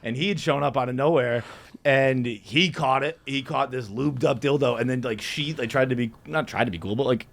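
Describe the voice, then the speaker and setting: Man, podcast guest, casual storytelling, laughing, high yelps in reenactments. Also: moderate pace, vocal fry. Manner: laughing through a rowdy story, voice jumping high when reenacting yells.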